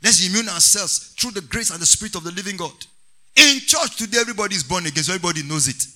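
Male preacher, high bright voice, sweeping sing-song delivery, call-and-response sermon. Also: rapid-fire.

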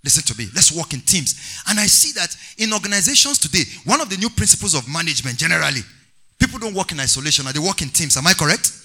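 Male preacher, high bright voice, sweeping sing-song delivery, call-and-response sermon. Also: sing-song, fast talker.

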